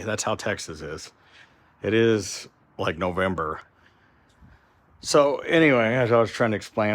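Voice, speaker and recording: A shop owner gives a casual vlog walkthrough of his large warehouse workshop, rambling and sounding frustrated. His voice is on the low side with a fairly bright tone, and he keeps restarting his sentences.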